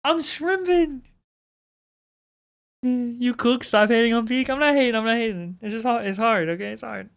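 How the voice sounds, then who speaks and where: A woman's voice: fairly high pitch, steady tone, brisk, creaky, few pauses, smooth. A woman streamer chatting casually to her viewers while she draws, swearing freely and poking fun at herself. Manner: swears freely, self-mocking, talks to chat. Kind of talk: casual live-stream chat while drawing.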